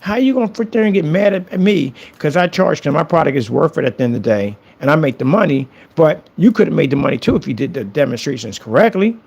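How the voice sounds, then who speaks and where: Man, casual taunting rant, gravelly, husky, boastful, repetitive. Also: on the high side, lively intonation, fast talker, hardly any pauses, darkish tone, muffled recording. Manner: taunting, boastful, repeats phrases. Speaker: business owner and vlogger.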